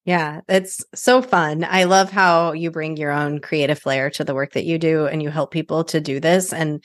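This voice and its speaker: A woman's voice: low voice, fairly even intonation, moderate pace. A woman hosting an interview podcast, responding in an affirming, encouraging way. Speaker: podcast host. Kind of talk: casual interview chat.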